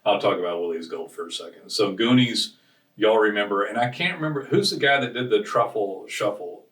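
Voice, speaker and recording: A man's voice: fairly low pitch, lively intonation, fairly quick, a bit bright, recorded from a distance. A man co-hosting a business podcast, telling stories in a rambling, casual way with frequent restarts. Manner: rambling storyteller, restarts often. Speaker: podcast co-host. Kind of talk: casual chat. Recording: roomy sound from off-mic.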